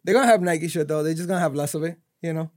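A man in casual podcast chat, his voice sitting a touch high for a man. He jokes around in loose slang and throws in quick voices. The sound is dry and close, with no room echo. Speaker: podcast co-host.

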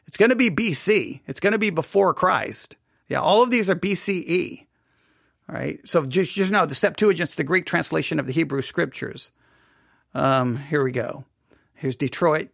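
A man's voice: fairly high pitch, moderate pace, gravelly, a bit bright, no echo, studio quality. A man reading a string of verses aloud at speed, then thinking aloud with restarts and fillers as he looks things up. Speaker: commentator. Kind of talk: reading aloud and casual commentary.

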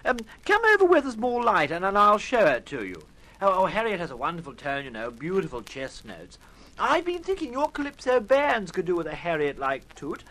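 A man's voice: sits high, wildly swooping pitch, normal speed, sharp tone, heavily acted, low-quality recording. An actor playing a foppish, cheerful upper-class English airman who dithers and chatters in 1950s radio drama. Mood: charming. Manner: chirpy, dithering, full of upper-class slang.

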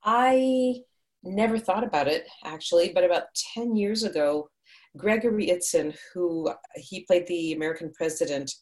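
Woman, middle-aged, low voice, from Hungary, chatty, laughs often, interview guest. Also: normal speed, a little mellow. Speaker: actress and audiobook narrator. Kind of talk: casual interview answers.

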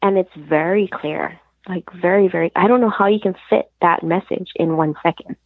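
A woman guest speaks over a tinny, dry phone line. Her low voice has a gravelly, husky texture. She tells her story earnestly and retells the conversations as she goes. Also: moderate pace, no echo. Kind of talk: personal storytelling. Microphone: phone call.

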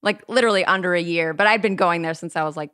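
A woman's voice: fairly low pitch, fast, pushed and bright, no echo, studio quality. A woman in her thirties, a podcast guest, chatting casually and telling stories with lots of fillers. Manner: chatty storytelling, many fillers and restarts. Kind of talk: casual chat.

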